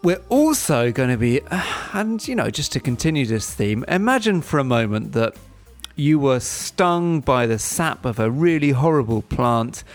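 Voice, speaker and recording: A man's voice: mid-range voice, big pitch swings, a little slow, faint music behind. A man co-hosting a casual comedic podcast, playful and self-mocking. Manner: playful, self-mocking, jokey sound effects. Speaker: podcast co-host.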